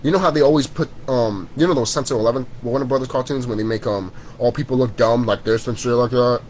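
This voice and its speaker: Talking fast in a mid-range voice with a darkish tone, a vlogger delivers a profane conspiracy rant straight to camera. He scolds his viewers, swears constantly, repeats himself and keeps restarting sentences. The audio is poor, with slight background noise.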